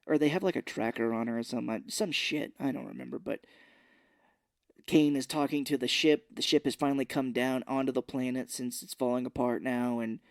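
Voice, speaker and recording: A man's voice: medium pitch, fairly even intonation, gravelly, no room sound. Guy rambling through a movie plot, swears a lot, medium voice, dry close mic. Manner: loose, profane retelling with quick acted quotes. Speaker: podcast co-host. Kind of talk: casual movie recap chat.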